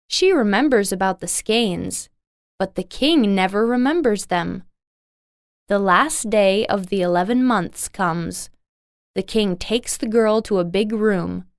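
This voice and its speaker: A woman's voice: mid-range voice, dry recording, studio quality. A woman narrating a folk tale in a simple, carefully paced storybook reading. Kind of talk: slow scripted storybook narration.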